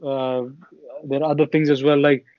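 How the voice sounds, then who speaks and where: With a fairly high, level-toned voice, this young man from India speaks briskly as a podcast co-host in casual chat, wandering through long explanations. There's no echo, and the recording sounds dull and lo-fi.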